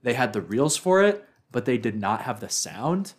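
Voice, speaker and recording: A man's voice: mid-range voice, big pitch swings, normal speed. A man co-hosting a podcast, talking casually and rambling with lots of filler words. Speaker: podcast co-host. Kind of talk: casual chat.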